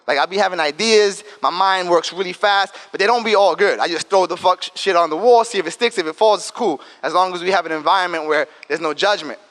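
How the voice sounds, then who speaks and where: A man in his thirties from the South Bronx with an African American English accent, giving an energetic, talkative and joking casual talk to students. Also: high-pitched, fast, few pauses. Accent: African American English, New York. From South Bronx, New York. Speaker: guest speaker. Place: school event room. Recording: long reverb hall.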